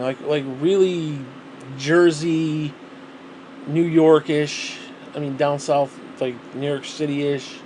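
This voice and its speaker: A man's voice: on the high side, darkish tone, slight background noise, low-quality recording. A man talking casually to the camera at home, rambling and swearing freely. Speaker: vlogger.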